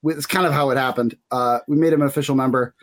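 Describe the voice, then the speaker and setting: A man's voice: medium pitch, steady tone, racing. A man co-hosting a podcast in casual chat, laid-back with dry humor. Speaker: podcast co-host.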